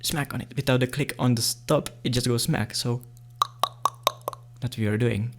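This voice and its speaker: A man teaching beginner beatbox sounds in a casual, playful tutorial, often excited and laughing. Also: mid-range voice, moderate pace, noisy background.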